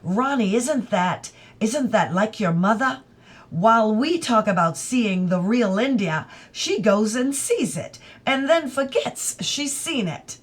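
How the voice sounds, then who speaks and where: An eager young Englishwoman, read by a woman narrator, asking questions with keen interest in a raised, lively voice. Her curiosity pushes every line forward. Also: on the high side, takes it slowly, breathy edge, exaggerated voice. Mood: delighted.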